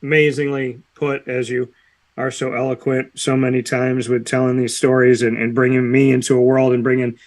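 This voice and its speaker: A man's voice: medium pitch, normal speed. A man hosting a sports radio show, telling stories in casual chat and acting out quotes with animation. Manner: animated storyteller, acts out quotes. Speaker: radio host.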